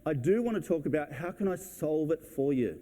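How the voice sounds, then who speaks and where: Man, very dark mellow voice, blunt and brisk conference speaker who acts out client chats. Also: on the high side, lively intonation. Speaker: real estate agent giving a talk. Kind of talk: conference talk. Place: event hall.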